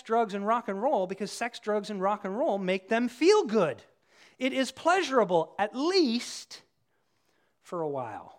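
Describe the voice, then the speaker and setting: A preacher giving a casual, conversational sermon at a church service, acting out quotes in different voices. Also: medium pitch.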